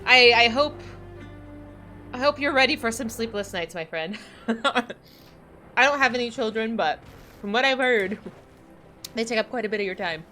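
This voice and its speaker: Bright, chatty woman streamer. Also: a little high, expressive, moderate pace, pauses often, soft background music. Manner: chatty and rambling, gushes and laughs easily. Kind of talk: casual livestream chat while gaming.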